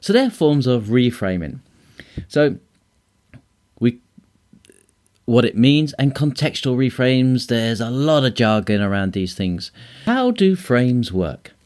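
A man hosting his own podcast, explaining ideas and telling short stories in a relaxed, conversational way with asides. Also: medium pitch, takes it slowly, pauses often, dry recording, clean studio sound. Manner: relaxed, storytelling, with fillers and asides. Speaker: podcast host and trainer. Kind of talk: casual solo podcast teaching.

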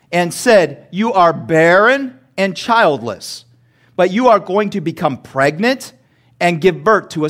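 A man preaching a sermon as pastor, asking the congregation to repeat words after him and building to shouts. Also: sits high. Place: church sanctuary.

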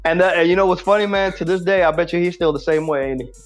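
Dude chatting on a podcast, kinda high voice, lots of likes and ums, music faint underneath. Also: male voice, quick pace. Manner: rambling, heavy filler words. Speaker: podcast co-host. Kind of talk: casual chat.

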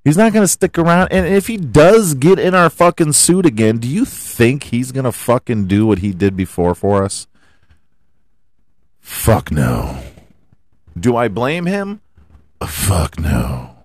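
A man's voice: medium pitch, big pitch swings, a little slow, no room sound. Heated, swearing sports podcast man. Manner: heated, swears constantly, rhetorical questions. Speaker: podcast host. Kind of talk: profane sports rant.

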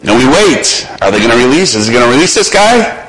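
A man preaching a sermon, slowly and dramatically retelling a scripture scene and putting the listener in it. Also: medium pitch, big pitch swings, fairly bright tone, slight background noise, poor audio.

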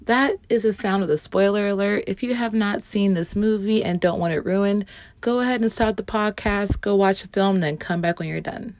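A woman hosting a podcast movie review, hoarse from losing her voice, chatting casually. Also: medium pitch, moderate pace, a little mellow. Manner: chatty, with fillers and restarts. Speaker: podcast host.

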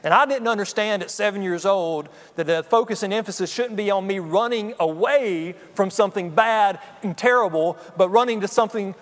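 An earnest man with a high voice preaches a personal sermon. He keeps checking in with his listeners. His words ring out with a long echo, as in a large hall. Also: fairly quick, few pauses. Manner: earnest, personal, addresses the congregation with frequent "okay?". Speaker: pastor.

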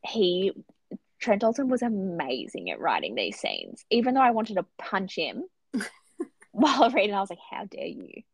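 Lively, animated woman podcaster, swearing freely. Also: medium pitch, moderate pace, slightly rough, dry recording. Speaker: podcast co-host. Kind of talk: casual book chat.

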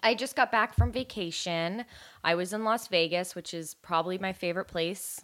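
A woman's voice: lowish voice, moderate pace, fairly bright tone. A woman co-hosting a podcast, telling a blunt, sweary story in casual chat. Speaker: podcast co-host.

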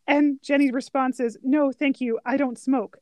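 A woman co-hosting a casual film chat, recounting scenes quickly with laughter. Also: high voice, steady tone, a little mellow, no echo, studio quality. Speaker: podcast co-host.

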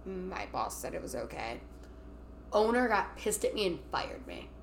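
A young woman co-hosting a podcast, telling work stories in a casual chat, animated and acting out the people she quotes. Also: on the low side, a little slow, vocal fry. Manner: animated, acts out quotes, swears freely. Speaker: podcast co-host. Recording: faint background noise.

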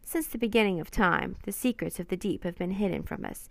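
A woman's voice: medium pitch, brisk, gravelly, no echo, lightly acted. A woman voicing a jovial, pompous old male scientist who lectures on the sea.

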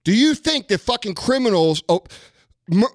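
A man's voice: high voice, big pitch swings, normal speed, dry recording, clean studio sound. A man in his thirties hosting a podcast, ranting in a casual, profane and frustrated way. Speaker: podcast host.

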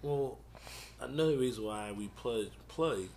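Male podcast co-host, rambling and laughing often, mid-pitched voice, faint background noise. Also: a little slow, darkish tone. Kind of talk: casual podcast chat.

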